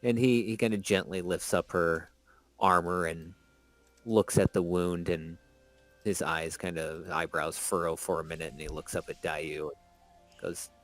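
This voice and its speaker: A man's voice: low voice, fairly even intonation, measured pace, soft background music. A man narrating his character in a tabletop game, casually with fillers. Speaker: player. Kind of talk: tabletop role-play narration.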